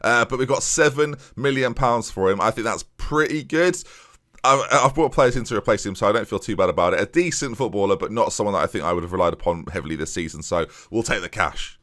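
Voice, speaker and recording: Lively, self-mocking man commenting on a game. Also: mid-range voice. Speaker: gaming YouTuber.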